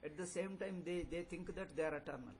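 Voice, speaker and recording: High-voiced man lecturing. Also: fairly quick, a little hiss or hum, poor audio. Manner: rhetorical questions, repetition, chuckles. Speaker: swami teaching a scripture class. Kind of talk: philosophy lecture.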